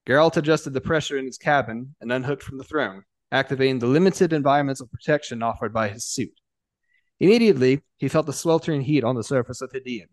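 A man narrating a scripted story in a steady reading voice, with small stumbles and restarts. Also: mid-range voice, no room sound.

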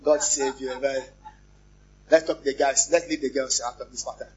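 A pastor, preaching a lively sermon, repeating phrases and joking with the congregation. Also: male voice, mid-range voice, brisk, husky. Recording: muffled, lo-fi church recording.

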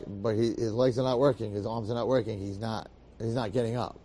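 A man telling a long story aloud in a lively, dramatic way, repeating phrases and adding asides. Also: fairly low pitch, fairly quick, breathy edge. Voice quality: bearded, uses Yiddish and Hebrew terms. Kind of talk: animated oral storytelling.

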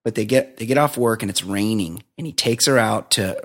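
A man's voice: on the low side, fairly quick, fairly bright tone. A man co-hosting a podcast, reviewing a movie in casual, profane chat with sarcastic asides and frequent laughs. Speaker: podcast co-host.

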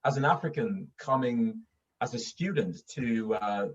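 A man from Sweden chatting casually in an animated way, often repeating himself and laughing through his stories. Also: mid-range voice, unhurried. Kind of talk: casual conversation. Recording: distant, dull lo-fi mic.

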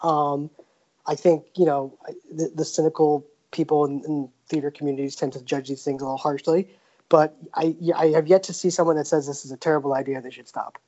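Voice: medium pitch, steady tone, brisk, dark tone. A podcast host in casual chat, upbeat, steering the talk and handing turns to the others. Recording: dull lo-fi sound.

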